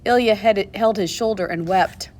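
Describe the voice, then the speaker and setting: Expressive woman reading an audiobook. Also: mid-range voice, normal speed. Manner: expressive, shifting between hushed and urgent. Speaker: audiobook narrator. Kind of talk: first-person audiobook narration.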